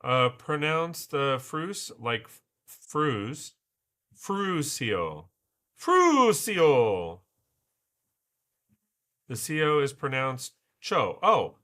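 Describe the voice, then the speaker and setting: A man's voice: medium pitch, slow pace, sharp tone. A man hosting a casual livestream, muttering to himself and swearing as he works. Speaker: livestream host. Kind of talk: casual livestream chat while building.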